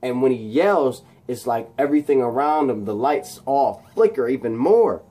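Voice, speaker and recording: A man casually retelling a movie scene, excitedly and with lots of sound effects and fillers. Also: mid-range voice, normal speed. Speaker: channel host.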